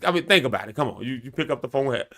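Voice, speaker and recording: A man in his thirties hosts a live-stream show, his mid-range voice racing as he chats casually with viewers. He's animated, laughs often, and talks straight to the people watching.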